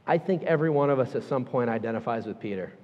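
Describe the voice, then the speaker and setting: A man's voice: medium pitch, lively intonation, fast talker. A man preaching a sermon in a church auditorium, emphatic and conversational with casual asides. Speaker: pastor. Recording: echoey hall, dull sound.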